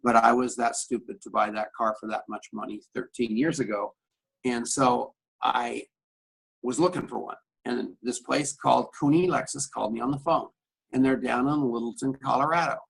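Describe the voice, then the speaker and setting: Gravelly storytelling radio host man. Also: mid-range voice, normal speed, low-quality recording. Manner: animated anecdote telling, acting out both sides of a conversation. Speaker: radio talk show host. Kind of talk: storytelling on camera. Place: coffee shop.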